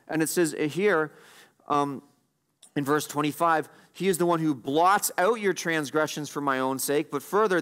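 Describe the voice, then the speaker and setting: A man from Canada, a pastor preaching a sermon, earnest, putting question after question to his congregation and slowing down to stress scripture lines. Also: fairly high pitch, fairly bright tone. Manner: slows right down to stress scripture.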